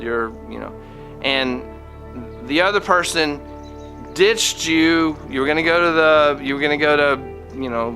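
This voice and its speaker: A man's voice: medium pitch, bright, forceful tone. A man hosting a podcast, giving a casual spoken lesson, often restarting his sentences and acting out the quoted lines. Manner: halting, many restarts, acts out quoted lines. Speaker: podcast host.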